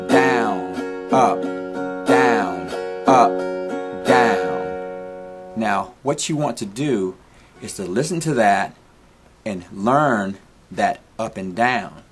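A man teaching a guitar strumming lesson, patiently calling out the strokes while he plays. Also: mid-range voice. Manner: patient, counts strums aloud over guitar.

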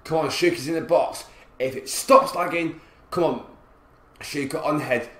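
A man commentating his own football video game play, frustrated and swearing, with sudden loud outbursts. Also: fairly high pitch, a little slow. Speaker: gaming commentator. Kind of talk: gameplay commentary. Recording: roomy echo.

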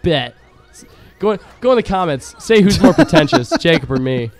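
Animated man in profane gaming banter. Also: a little high, moderate pace, faint music behind. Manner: profane mock-outraged ribbing, laughing often. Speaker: let's play co-host. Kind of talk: casual gameplay commentary banter.

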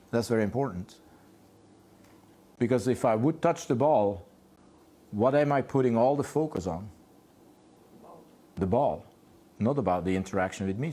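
A dog trainer explains puppy play in an instructional talk from his home garage, posing rhetorical questions and answering them himself. His voice is mid-range and mellow.

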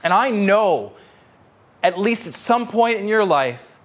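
Animated preaching man, slightly high voice. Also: slow, husky. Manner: animated storytelling, repeats phrases for emphasis. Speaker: pastor. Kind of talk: sermon.

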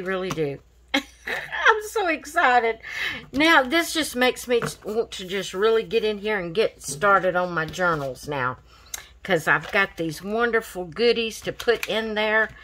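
Lady vlogger, slow gushy talk, bright highish voice, says thank you over and over. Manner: gushing, excited, repeats thanks. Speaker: craft vlogger. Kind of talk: casual unboxing vlog.

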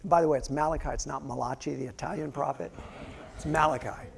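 A male pastor preaching a sermon, telling stories animatedly and acting out quotes, swinging from loud outbursts to hushed near-whispers. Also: on the high side, steady tone, a little fast, creaky.

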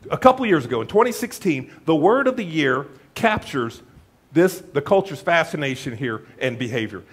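A man's voice: fairly high pitch, normal speed, a little hiss or hum. A man preaching a sermon in a church, telling a folksy joke story and acting out the voices of its characters. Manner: animated storytelling with acted-out voices; jokey, folksy. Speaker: pastor.

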